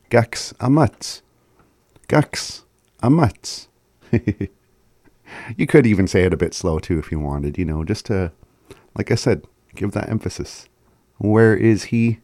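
A man hosting a community radio show, teaching a phrase of the day in a relaxed way and chuckling often. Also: low voice, dry recording, clean studio sound. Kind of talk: casual community radio talk.

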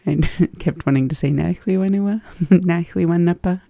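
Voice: medium pitch, moderate pace, creaky, warm tone, no echo. A learner reviewing phrases from a language lesson, hesitant and laughing at their own slips.

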